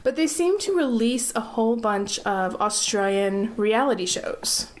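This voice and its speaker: A woman's voice: a little high, lively intonation, unhurried, slight background noise. A woman from the United States, hosting a podcast in a bubbly, gushing way and laughing easily. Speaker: podcast host. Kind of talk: casual interview chat.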